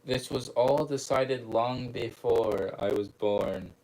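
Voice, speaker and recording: A man voicing a tense young male warrior cat, reading the lines in a low, flat tone close to his own voice. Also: slow pace, low-quality recording. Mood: weary.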